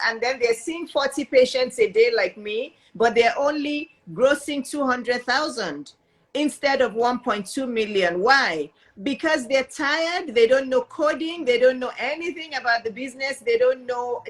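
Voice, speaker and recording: Woman, host, business coach, higher voice, animated, emphatic, casual interview chat. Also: moderate pace. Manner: animated, emphatic, reads viewer questions aloud.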